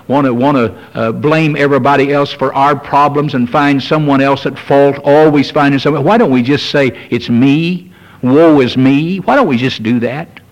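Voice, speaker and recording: An older man preaching a sermon as pastor, earnest and repetitive, pushing higher as he stresses a point. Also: muffled recording.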